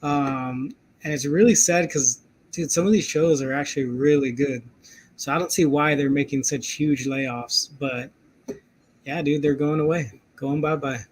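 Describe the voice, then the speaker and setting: A man's voice: a little high, fairly even intonation, measured pace, slight background noise. A man co-hosting a casual chat show, talking in a laid-back, slangy way and often saying "dude". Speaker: co-host.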